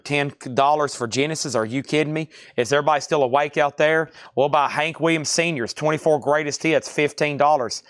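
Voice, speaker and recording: This is a man hosting a live record sale online, speaking. His voice sits somewhat high and sounds close and dry. He moves briskly from item to price, tossing in casual remarks to viewers. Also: no echo. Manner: rapid item-and-price listing, chatty asides. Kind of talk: live-stream record auction patter.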